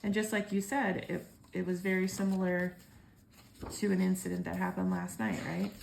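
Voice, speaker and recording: A homeschooling mother in her thirties talks at home with a gravelly, crackly edge to her voice. Her delivery is relaxed and lightly sarcastic. A steady hum of background noise runs under the recording. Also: on the low side, normal speed. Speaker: homeschooling parent and vlogger. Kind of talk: casual chat and reading aloud to kids.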